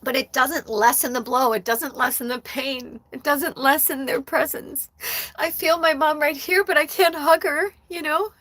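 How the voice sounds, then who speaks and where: A woman's voice: high-pitched, steady tone, normal speed, a bit bright, no echo. A woman hosting a live stream as a psychic medium, talking candidly and emotionally and swearing often. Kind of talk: casual emotional livestream talk.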